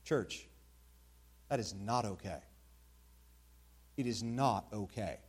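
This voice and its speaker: A pastor preaching an expository sermon, repeating key words and asking rhetorical questions. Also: male voice, lowish voice, slow pace, husky.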